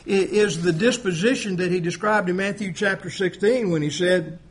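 A man preaching a sermon, emphatic, swinging between loud appeals and quiet asides, asking rhetorical questions. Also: high-pitched, moderate pace, slightly rough. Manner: emphatic, rising and dropping volume, rhetorical questions.

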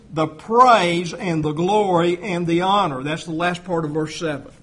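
A man preaching a sermon, emphatic, swinging between loud appeals and quiet asides, asking rhetorical questions. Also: high-pitched. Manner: emphatic, rising and dropping volume, rhetorical questions.

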